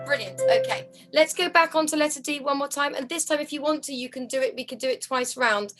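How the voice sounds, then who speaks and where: High-voiced woman teaching harp ensemble. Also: fast talker, few pauses. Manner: friendly, encouraging, counts aloud and hums parts. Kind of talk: online music lesson, counting beats. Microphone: video call. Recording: harp music under the voice.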